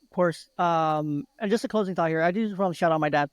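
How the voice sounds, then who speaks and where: Young male guest, 20s; earnest and proud, somewhat high, smooth resonant voice, dry sound. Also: quick pace, no room sound. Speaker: podcast guest. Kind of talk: casual chat.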